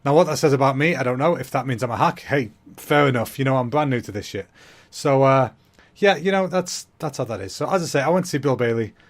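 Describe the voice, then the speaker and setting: A young man, hosting a comedy podcast in a rambling, self-mocking monologue, talking quickly. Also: medium pitch.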